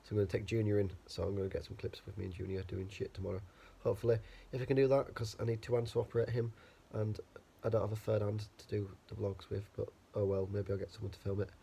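A young adult student vlogger with a cold talks fast and with few pauses, his fairly low voice mellow and breathy, showing vocal fry and little pitch movement. He chats loosely and swears freely to a handheld camera in his student-house bedroom.

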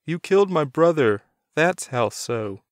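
Man putting on a desperate, shrill young hero. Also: lively intonation, unhurried, dry recording, clean studio sound. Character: young male hero, terrified and defiant.

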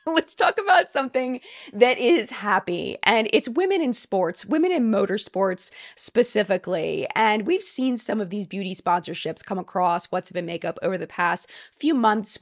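A woman hosting a beauty news vlog, talking in a casual, emphatic way, openly emotional and sometimes sarcastic. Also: medium pitch.

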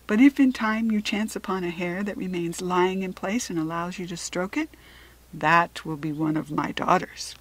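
A woman reading the part of a wise, kindly male magical hare in a children's storybook, in a gentle, soft-spoken way. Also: fairly low pitch, slightly rough, poor audio.

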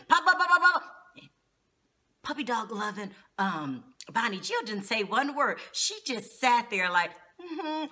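Woman vlogger, casual gossipy TV recap, bright lively voice, laughs a lot. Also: fairly high pitch. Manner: gossipy, laughs often, slangy.

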